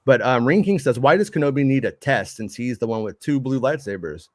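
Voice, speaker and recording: A man's voice: medium pitch, animated, brisk, no room sound. Man, podcast co-host, loose talk, swearing, dry close sound. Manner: loose, swearing, filler-heavy. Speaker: podcast co-host reading chat comments. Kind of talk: casual chat.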